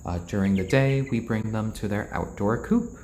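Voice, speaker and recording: A man hosting a casual live stream, talking in a soft, slow, soothing voice to keep his chickens calm while he reads out viewer comments. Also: fairly low pitch, slight background noise. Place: indoors, roomy. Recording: roomy echo.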